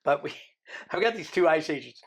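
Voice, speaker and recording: Gravelly older man telling his story. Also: fairly high pitch, normal speed. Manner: animated storyteller acting out the people he quotes. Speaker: interview guest. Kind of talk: storytelling in a podcast interview.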